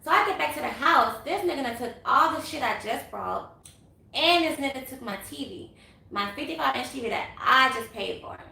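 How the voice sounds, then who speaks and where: Chatty woman with gravelly bright voice. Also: high-pitched. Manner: animated, chatty, quick asides to viewers. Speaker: vlogger. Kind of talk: casual storytime vlog. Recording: echoey room.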